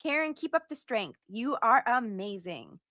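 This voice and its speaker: A woman's voice: fairly high pitch, lively intonation, a little slow, sharp tone, no room sound, studio quality. A woman hosting a casual livestream, reading out donor messages in a chatty, playful way. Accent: put-on accent at times. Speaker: livestream host reading donations.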